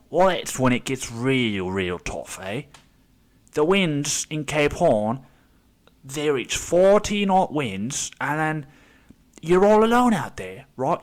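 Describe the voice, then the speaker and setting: A man doing a pompous old British narrator. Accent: mock British. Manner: higher, exaggerated put-on accent. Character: pompous older British male documentary commentator.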